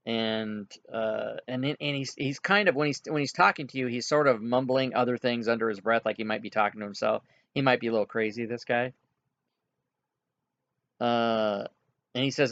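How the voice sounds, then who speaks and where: Man running a tabletop game, halting, muffled lo-fi audio, mid pitch. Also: fairly bright tone. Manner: halting, filler-heavy, chuckles at players. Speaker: game master.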